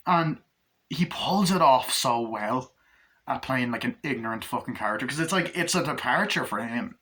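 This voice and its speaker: A man's voice: mid-range voice, lively intonation, normal speed, bright, forceful tone. A young man giving a casual, rambling and profane film review, acting out scenes as he retells them. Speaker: movie reviewer.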